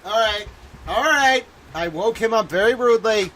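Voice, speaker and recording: A man with a high-pitched voice hosts a solo livestream, ranting in a theatrical, exasperated way. He swears freely and says the same thing over and over. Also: expressive, moderate pace, fairly bright tone, slight background noise. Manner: exasperated, theatrical, swears often, repeats himself. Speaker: livestream legal commentator.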